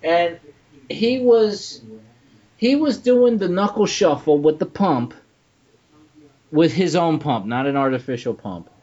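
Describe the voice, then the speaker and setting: A man's voice: fairly high pitch, expressive, slow, pauses often, a little mellow. A man hosting a casual comedy podcast, laughing often and stammering as he talks. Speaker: podcast host. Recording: dull lo-fi podcast audio.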